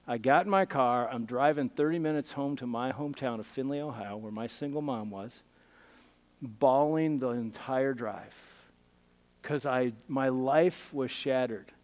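A middle-aged man preaching a testimony sermon, telling his story and swinging from excited to hushed and emotional. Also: medium pitch, unhurried, in a large hall.

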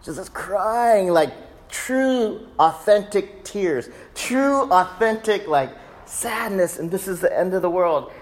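A man's voice: high-pitched, lively intonation, slow. A man in his thirties, a pastor, preaching a casual sermon in a church sanctuary and telling stories with frequent "right?" asides. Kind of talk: conversational sermon.

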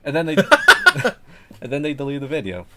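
A man's voice: a little high, huge pitch swings, moderate pace, heavy background noise. A man talking casually as a podcast guest, rambling and hesitant with many fillers and restarts. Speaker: guest artist.

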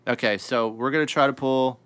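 A man's voice: mid-range voice, steady tone, a little fast, a loud crowd. A man co-hosting a casual podcast, easygoing, swearing and using fillers like "uh" and "um". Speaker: podcast co-host.

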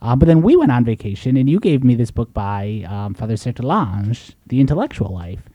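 A man, a priest, co-hosting a casual chat and telling rambling, animated stories. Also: mid-range voice, a little fast, no room sound. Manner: rambling, animated storyteller with laughs. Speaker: priest and podcast co-host.

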